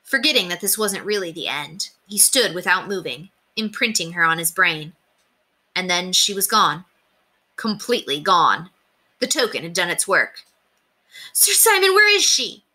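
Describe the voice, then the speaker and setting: A woman reading a children's novel aloud as a teacher, giving the characters expressive voices. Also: fairly low pitch, moderate pace. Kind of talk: storybook read-aloud.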